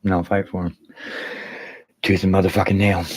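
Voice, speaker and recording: A man's voice: low voice, monotone, fairly quick, no echo, low-quality recording. A man hosting a casual livestream, rambling and swearing freely while greeting viewers by name. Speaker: livestream host.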